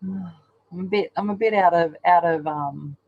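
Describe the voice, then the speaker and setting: A woman's voice: lowish voice, a little slow, no room sound, lo-fi sound. A woman chatting casually while she colours, rambling along with lots of ums. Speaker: colouring channel host. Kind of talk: casual chat while colouring on a live stream.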